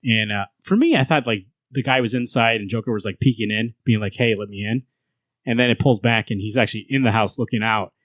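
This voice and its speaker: A man's voice: on the low side, fast, hardly any pauses, fairly bright tone, no echo. A man hosting a casual comic book podcast, retelling scenes in a rambling way and laughing as he goes. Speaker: podcast host.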